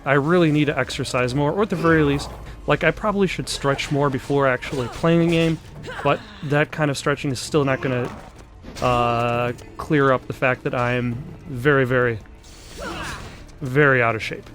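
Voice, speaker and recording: A man's voice: mid-range voice, normal speed, a bit bright, faint music behind. A young man, out of breath, rambling through casual gameplay commentary with many ums and uhs. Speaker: let's play host.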